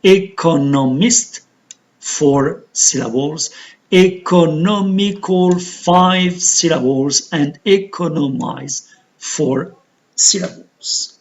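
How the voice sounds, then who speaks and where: A woman with an Algerian accent teaching a recorded English pronunciation lesson, speaking deliberately and repeating words for drilling. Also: sits low, a little mellow, muffled recording.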